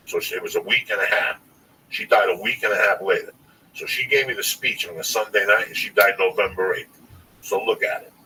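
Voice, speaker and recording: A man's voice: lowish voice, a little fast, pushed and bright. A man around sixty telling a long personal story on a podcast, cursing freely and rambling with emphasis. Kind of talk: casual storytelling. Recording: distant mic, faint noise.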